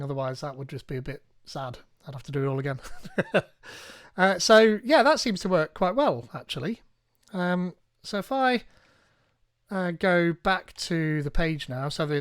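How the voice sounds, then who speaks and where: A man hosting a live tech tutorial, reading instructions aloud and thinking out loud as he goes. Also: on the high side, no room sound, studio quality. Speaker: tech streamer.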